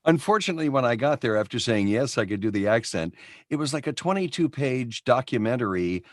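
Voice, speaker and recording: Lively American man, playful co-host. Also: medium pitch, a little fast, dry recording. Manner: playful storyteller. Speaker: podcast co-host. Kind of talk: casual interview chat.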